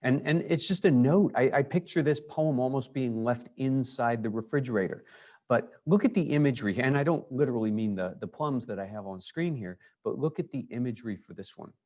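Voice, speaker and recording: A man teaching a high school English lesson, talking in a loose, conversational way with frequent fillers and restarts. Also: brisk, a little mellow. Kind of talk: recorded lecture.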